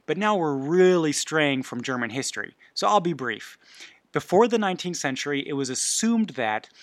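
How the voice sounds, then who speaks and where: A man's voice: fairly high pitch, a bit bright, no room sound. A man hosting a history podcast, reading notes in an informal way with asides and self-corrections. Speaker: podcast host.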